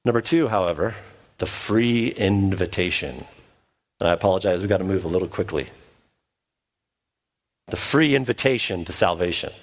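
A man's voice: sits low, animated, normal speed, pauses often. A man, a pastor, preaching an earnest sermon and now and then acting out the voices of the people he quotes.

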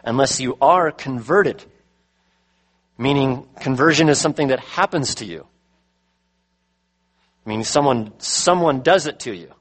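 A middle-aged man preaching a sermon, slowing down to stress his key words. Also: medium pitch, animated, low-quality recording. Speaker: pastor.

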